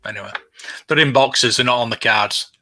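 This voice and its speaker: Bright-toned man, wry chatter. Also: mid-range voice, normal speed, no room sound. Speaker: toy show co-host. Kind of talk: casual chat.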